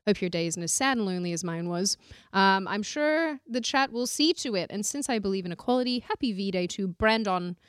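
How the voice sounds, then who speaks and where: A woman's voice: mid-range voice, lively intonation, a little fast, smooth, no room sound, studio quality. A woman co-hosting a casual online talk show, reading viewer messages aloud and laughing often. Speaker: co-host reading super chats. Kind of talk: casual chat.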